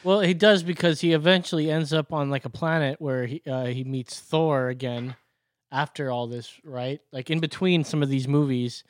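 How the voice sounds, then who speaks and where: A man's voice: fairly high pitch, fairly even intonation, moderate pace. A man in casual chat, joking and chiming in with short quips and questions.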